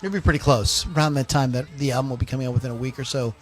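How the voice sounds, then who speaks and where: A man's voice: medium pitch, steady tone, rapid-fire. A man hosting a podcast in casual chat, rambling through stories with lots of fillers and teasing his co-host.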